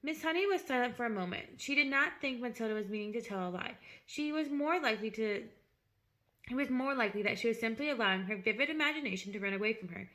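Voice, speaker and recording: A woman's voice: a little high, expressive, fast, pushed and bright. A woman reading a children's novel aloud chapter by chapter, adding her own explanatory asides. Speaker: storybook reader.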